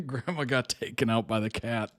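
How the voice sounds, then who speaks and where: A man's voice: medium pitch, normal speed, a bit bright. A man hosting a reaction video, commenting in an easygoing way and laughing often. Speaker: reaction channel host.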